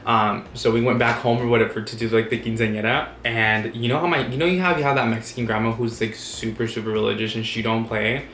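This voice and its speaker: A young man tells a story to his camera in a loose, animated way, swearing freely and acting out what everyone said. His voice is mid-pitched and carries an echoey room sound with faint background noise. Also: fast, hardly any pauses. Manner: animated, profane storytelling with acted-out quotes. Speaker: vlogger. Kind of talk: casual storytime vlog.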